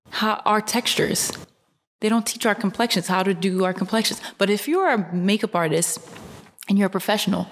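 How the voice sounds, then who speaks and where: A young woman, a fashion model, talking casually to camera from her couch, earnest and animated, her pitch jumping up on emphasis, with many fillers. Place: indoors, seated on a couch.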